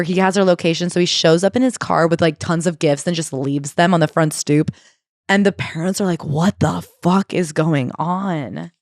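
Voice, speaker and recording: Woman podcast co-host, quick chatty talk, dry room. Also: fairly low pitch, no room sound. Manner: chatty, acts out quotes with swearing. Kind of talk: casual chat recapping a memoir.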